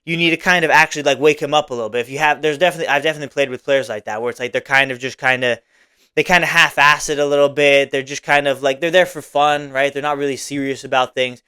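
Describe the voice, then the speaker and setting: A man's voice: mid-range voice, steady tone, quick pace, sharp tone, smooth. A young man hosting a solo podcast, talking casually and rambling, with many "like"s and "right?"s. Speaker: podcast host.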